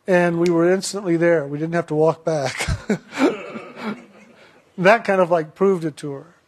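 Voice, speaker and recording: A man telling a personal story in a chatty, halting way, often repeating words. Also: a little high, steady tone.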